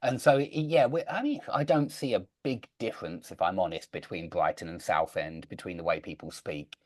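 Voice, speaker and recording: A man's voice: low-pitched, moderate pace, no room sound. A man from the south of England with a Southeast English accent close to RP, chatting and explaining words to an online class with many restarts, heard over a video call. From Southend, Essex, England. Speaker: English teacher. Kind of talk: online group class talk.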